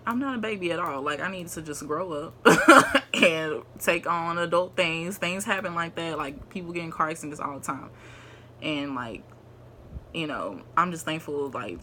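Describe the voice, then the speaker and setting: A woman's voice: deep voice, bright, forceful tone, a little hiss or hum. A young woman in her twenties telling a personal story to camera, rambling, with many fillers and restarts. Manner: rambling, with many fillers and restarts, shifting between laughing and tearing up. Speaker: vlogger.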